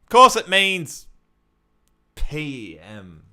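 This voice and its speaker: A man's voice: fairly high pitch, sing-song, very slow, sharp tone, clear, resonant tone. A man giving chatty live-stream commentary as he talks to his chat and often laughs. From Australia.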